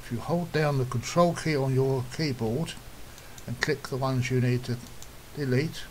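Unhurried man giving step-by-step instructions. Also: mid-range voice, darkish tone, a little hiss or hum, poor audio. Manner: occasionally clears throat. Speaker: software tutorial presenter. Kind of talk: step-by-step screen tutorial.

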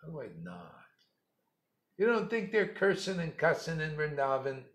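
A man's voice: a little high, huge pitch swings, normal speed, fairly bright tone. A man giving a rambling, blunt spiritual talk, mocking and laughing often. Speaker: spiritual teacher. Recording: echoey room.

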